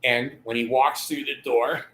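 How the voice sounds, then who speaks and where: Slow-talking older man in an echoey room. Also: medium pitch, steady tone, a bit bright. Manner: laughs mid-sentence, acts out quoted voices. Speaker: channel host giving advice. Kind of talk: rambling monologue.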